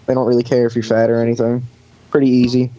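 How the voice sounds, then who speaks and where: Talking fast in a dark, mid-range voice with a completely flat delivery, this young podcast guest rambles through a lifeguard work story. He leans on fillers and performs the quoted voices, and the casual chat sounds dry and dull, like a lo-fi recording.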